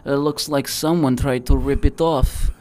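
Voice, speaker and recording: A man voicing a menacing alligator-snouted baby boy in a slow, flat, threatening Russian accent. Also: medium pitch, slight background noise, lightly acted.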